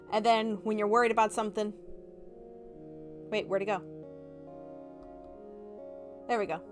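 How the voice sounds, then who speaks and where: A woman's voice: fairly high pitch, moderate pace, pauses often, faint music behind. A young woman chatting casually on a livestream, bubbly and giggly, acting out little reactions. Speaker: vtuber streamer.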